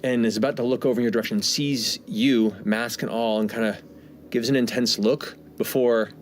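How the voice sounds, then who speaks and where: A man's voice: medium pitch, fairly even intonation, normal speed, slight background noise. A man narrating a tabletop game as game master, describing scenes with many fillers.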